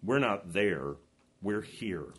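A man's voice: lowish voice, expressive, slow pace, fairly bright tone, breathy edge, voice pushed down, exaggerated voice. A man reading aloud a timid, doubtful schoolgirl from a storybook, asking hesitant questions.

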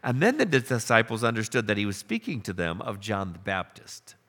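Guy preaching a sermon, bright gravelly voice, swings up and down a lot. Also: on the low side, a little fast. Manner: animated storytelling preacher, acts out questions. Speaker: pastor.

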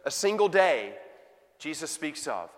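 Man, high voice, emphatic preaching, sermon delivery, reverberant hall. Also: sing-song, unhurried. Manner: emphatic, rising to pleading intensity in quoted voices.

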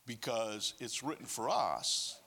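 Animated male preacher with a bright voice. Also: mid-range voice, slow pace, creaky. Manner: animated, joking asides. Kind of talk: sermon.

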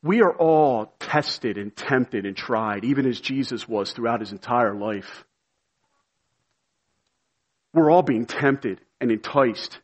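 A pastor preaching a sermon with earnest conviction, building to emphatic, shouted appeals. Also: male voice, medium pitch, slow, slightly rough.

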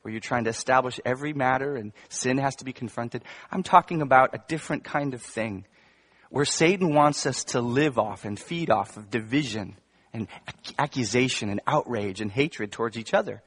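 A man's voice: mid-range voice, moderate pace, fairly bright tone, slightly rough. A male pastor preaching a sermon to his congregation in a conversational way, with humorous asides and emphatic bursts. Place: church before a congregation.

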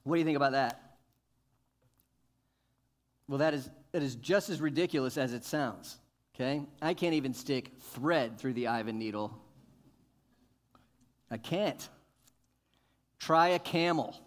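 A male pastor preaching a sermon, asking questions and building to emphatic, loud points. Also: medium pitch, normal speed, long pauses. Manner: rises to emphatic, loud peaks, asks the congregation questions.

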